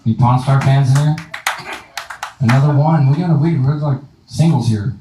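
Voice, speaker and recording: A man doing a stand-up comedy set in a club, delivering deadpan punchlines and casual crowd work. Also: mid-range voice, normal speed. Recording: roomy live room, distant mic, faint noise.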